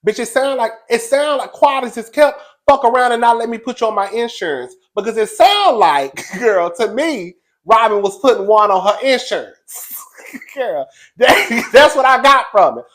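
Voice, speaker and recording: A man's voice: very high-pitched, expressive, normal speed, fairly bright tone. A man hosting a reality TV recap, talking in a brash, sassy, profane way and laughing often as he gossips. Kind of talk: casual gossip commentary.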